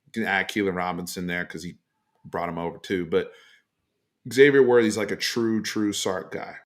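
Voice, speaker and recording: A man hosting a casual sports talk show, giving emphatic opinions in a loose, animated way with frequent fillers. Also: low voice, normal speed. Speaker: sports podcast host.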